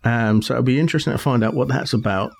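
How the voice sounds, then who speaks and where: A man's voice: mid-range voice, fast, gravelly, soft background music. A man co-hosting a casual podcast chat, laughing often and explaining his points with examples. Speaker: podcast co-host.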